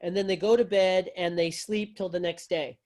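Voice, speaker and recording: A man's voice: sits high, fairly even intonation, normal speed, a little mellow. Conversational man teaching yoga philosophy. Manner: conversational, repeats and restarts, folksy phrasing. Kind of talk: teaching a class discussion.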